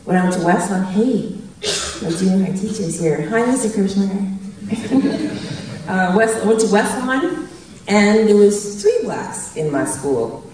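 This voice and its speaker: A woman's voice: mid-range voice, lively intonation, a little slow, darkish tone. A woman in her fifties giving a chatty, anecdotal public talk as a guest speaker and laughing at her own jokes. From Canada. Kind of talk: public storytelling speech. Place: large event hall. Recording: very echoey hall from a distant mic.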